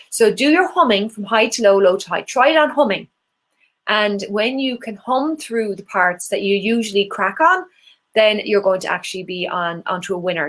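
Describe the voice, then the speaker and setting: A woman from Ireland, with an Irish accent and a mid-range, a bit bright voice, teaches an online singing workshop. She encourages participants and demonstrates vocal exercises.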